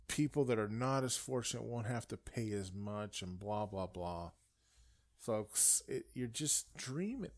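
A man delivering an indignant political rant, swinging between raised outbursts and low muttering asides. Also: vocal fry. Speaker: political commentator. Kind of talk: ranting monologue.

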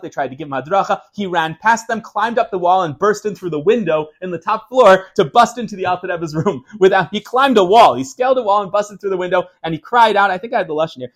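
A man teaching an informal class on Chassidus, telling stories in a quick, animated way many restarts. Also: high voice.

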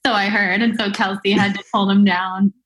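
A woman's voice: medium pitch, level tone, moderate pace, fairly bright tone. A woman hosting a podcast, chatting casually and affectionately with her guest. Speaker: podcast host. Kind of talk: casual interview chat.

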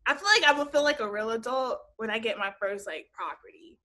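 A young woman in casual conversation, animated and quick to laugh, acting out little quoted scenes as she talks. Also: on the high side. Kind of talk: casual chat.

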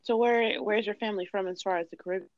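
Woman, podcast host, chatty, expressive, mid pitch, dry close sound, lo-fi. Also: no room sound. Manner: chatty, expressive, quick to laugh. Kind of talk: casual chat.

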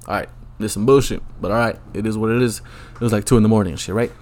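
A man's voice: fairly low pitch, racing, a little mellow. A man hosting a solo podcast, rambling through a profane, crude rant with lots of ums and asides. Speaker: podcast host.

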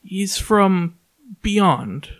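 A man voicing a cautious middle-aged priest who speaks slowly and carefully. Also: high-pitched, expressive, fairly bright tone, pitched above the performer's own voice, heavily acted.

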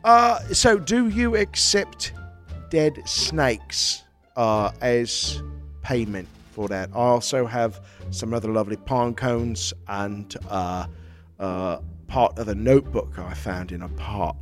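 A man's voice: lowish voice, slow pace, soft background music. A man in an improvised comedy sketch playing a tiny, short-tempered male creature being fitted for a suit, prickly and defensive. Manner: prickly, defensive, bursts into indignant outbursts. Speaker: podcast co-host.

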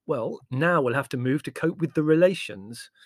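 A man's voice: a little high, animated, moderate pace, no room sound, studio quality, voice pushed up, lightly acted. A man voicing a sardonic, theatrical young writer who talks dramatically and sarcastically. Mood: exasperated.

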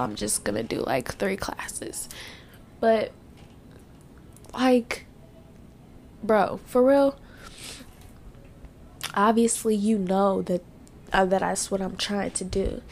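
A woman's voice: medium pitch, gravelly, slight background noise. A young woman hosting a podcast, venting bluntly through tears and sniffles in a casual monologue, swearing freely. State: tearful, sniffling. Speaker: podcast host.

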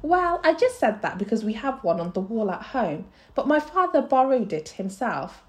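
A woman's voice: on the high side, sing-song, normal speed. A woman reading as a stubborn little girl borrower. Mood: earnest. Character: small earnest girl borrower, proud and stubborn.

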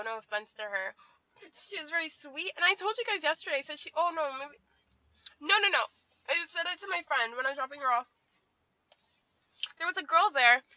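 Young woman vlogger, profane venting rant, sharp bright tone, muffled recording. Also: sits high, no echo. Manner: profane, ranting, frequent "like". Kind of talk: casual venting monologue.

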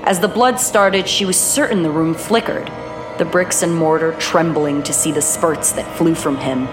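A woman narrating a horror audiobook in a measured, even reading voice. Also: low-pitched, over music.

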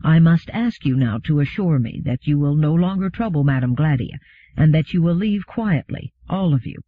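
A man voicing a calm, unfailingly polite male humanoid robot who speaks quietly and formally. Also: fairly high pitch, moderate pace. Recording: phone-like narrow sound.

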